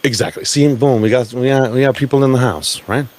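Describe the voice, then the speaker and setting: A man giving a blunt, profane, animated live talk at a crypto event. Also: medium pitch, a little fast.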